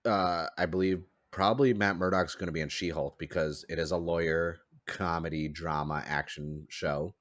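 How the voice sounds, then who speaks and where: Man, low voice, podcast host, rambly casual chat, dry close sound. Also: steady tone, normal speed, hardly any pauses, fairly bright tone, no room sound. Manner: rambling, full of "like" fillers.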